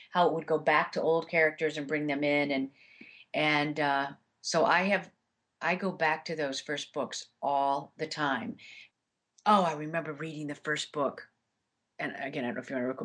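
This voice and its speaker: A woman's voice: low-pitched, fairly even intonation, moderate pace, a bit bright. A woman audiobook narrator answering interview questions in a chatty way, with many fillers and restarts.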